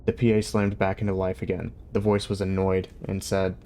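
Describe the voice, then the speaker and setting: A man's voice: low voice, a little fast, few pauses, a little hiss or hum. Laid-back man reading a book aloud. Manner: relaxed, chatty, laughs easily. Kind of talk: casual reading aloud on a livestream.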